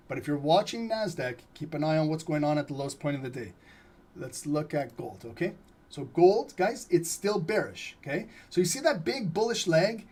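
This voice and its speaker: A man's voice: fairly high pitch, a little mellow, husky. A man hosting a live trading stream, talking casually through charts and asking viewers questions. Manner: casual, asks viewers questions, frequent "okay?". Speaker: trading livestream host. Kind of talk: live market analysis.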